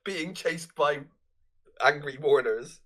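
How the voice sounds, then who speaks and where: A man co-hosting a podcast, casually recalling movie details in a halting way, repeating words and chuckling. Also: fairly high pitch, fairly bright tone. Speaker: podcast co-host. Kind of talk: casual film review chat.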